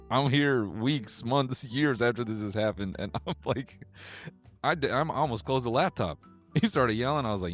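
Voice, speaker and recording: A man's voice: mid-range voice, animated, a little slow, fairly bright tone, faint music behind. A man giving comedic reaction commentary, joking and laughing with casual swearing. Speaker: commentary host.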